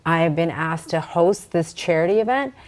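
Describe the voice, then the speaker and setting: A woman hosting a casual interview, engaged and quick with affirmations. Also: on the low side, lively intonation, slight background noise. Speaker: host.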